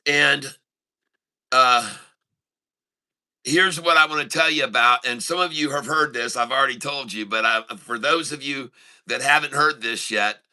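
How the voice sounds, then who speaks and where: A man's voice: medium pitch, pushed and bright. A middle-aged man hosting a day-trading livestream, chatting casually with viewers and telling a joke, rambling with lots of fillers. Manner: rambling, filler-heavy, answers chat mid-story. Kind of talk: casual live-stream chat and joke telling.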